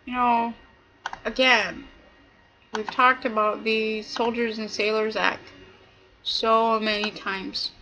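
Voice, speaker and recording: A woman's voice: fairly high pitch, little pitch movement, takes it slowly, long pauses, bright, forceful tone, low-quality recording. A woman giving an indignant, preachy monologue, hammering her points with repetition. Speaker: video commentator. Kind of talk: impassioned monologue.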